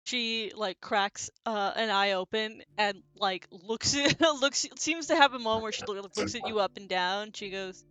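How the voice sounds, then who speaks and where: A woman's voice: mid-range voice, a little slow, hardly any pauses, a bit bright, clean tone, no echo. A woman acting as game master, describing scenes loosely and with many fillers. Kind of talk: narrating a tabletop game.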